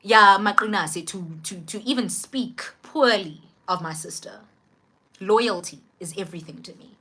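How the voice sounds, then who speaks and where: A woman's voice: mid-range voice, moderate pace, bright, forceful tone, breathy edge. A young woman with a South African accent, chatting through a personal story on a live stream, slangy and greeting viewers as she goes. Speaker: vlogger telling a personal story.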